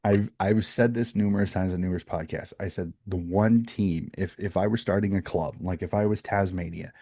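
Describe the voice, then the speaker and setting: A man's voice: sits low, fairly even intonation, fairly quick, warm tone, slightly rough, dry recording, clean studio sound. A man co-hosting a sports podcast, chatting casually and rambling through opinionated points with frequent restarts. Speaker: podcast co-host.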